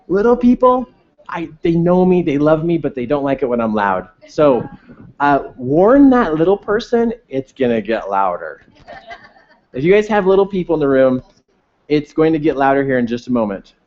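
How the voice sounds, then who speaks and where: Fired-up male motivational speaker. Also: high-pitched. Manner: energetic, shouts declarations with the crowd. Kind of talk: motivational stage talk leading declarations. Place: large hall with live audience. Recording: muffled event recording.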